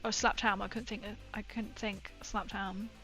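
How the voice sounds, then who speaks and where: A woman's voice: mid-range voice, little pitch movement, normal speed, sharp tone, low-quality recording. A young woman streaming while painting miniatures, telling a rambling story in casual chat with lots of fillers. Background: faint background music.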